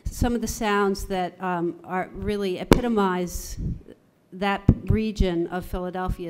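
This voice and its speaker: A middle-aged woman speaks at a university conference as a theatre voice coach. Her delivery is measured and articulate, often working through lists. Her pitch sits in an ordinary middle range. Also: steady tone, a little hiss or hum. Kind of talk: conference talk.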